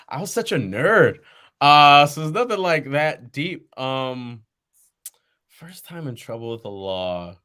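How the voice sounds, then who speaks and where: Bright-voiced young man telling animated stories. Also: mid-range voice, slow, smooth. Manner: animated, laughs often, jumps into quoted voices. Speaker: podcast guest. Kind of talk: casual storytelling chat.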